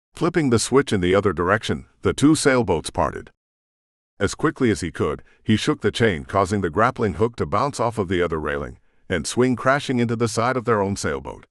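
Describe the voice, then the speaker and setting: A man narrating an audiobook in an expressive storytelling manner, in a studio booth. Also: fairly low pitch, dry recording. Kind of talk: scripted narration.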